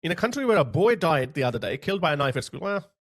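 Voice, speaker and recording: A man's voice: on the high side, very animated, fast talker. A man giving blunt, sarcastic commentary on video clips, mocking what he shows. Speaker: political commentator.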